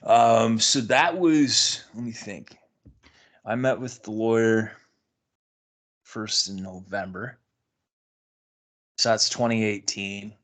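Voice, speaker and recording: A man telling a personal story in casual podcast chat, acting out quoted dialogue with lively shifts. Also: fairly low pitch, slow pace, pauses often. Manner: animated, acts out quoted dialogue. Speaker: podcast guest.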